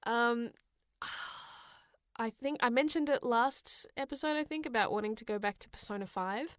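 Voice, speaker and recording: A woman's voice: a little high, a little slow, a bit bright, no echo, studio quality. A woman co-hosting a gaming podcast in a playful, giggly casual chat. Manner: giggly, playful, hums tunes. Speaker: podcast co-host.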